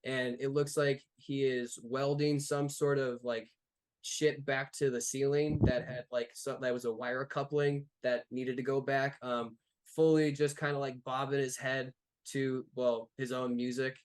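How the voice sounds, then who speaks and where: A man's voice: mid-range voice, level tone, unhurried, clear, resonant tone. A man narrating as game master of a tabletop game, describing scenes loosely with many fillers.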